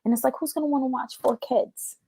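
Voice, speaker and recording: A woman's voice: high-pitched, fairly even intonation, quick pace, mellow, slightly rough, no room sound. A woman in her thirties chatting casually as an interview guest, frank and full of "like", swearing now and then. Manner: chatty, fills every sentence with "like". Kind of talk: casual storytelling chat.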